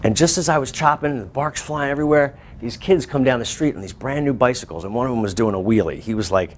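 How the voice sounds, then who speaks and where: A male teacher telling a lively personal story to his students, breaking into shouts and laughter. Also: mid-range voice, quick pace, a little hiss or hum. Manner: animated, bursts into shouts and laughs while telling. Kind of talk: storytelling to a class.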